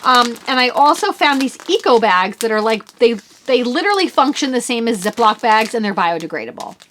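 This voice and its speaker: A woman's voice: on the high side, sing-song, fairly quick, fairly bright tone, a little hiss or hum. A woman in her forties hosting a knitting podcast, chatting casually as she shows off her purchases, rambling and poking fun at herself. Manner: chatty, rambling, self-mocking. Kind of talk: casual show-and-tell chat.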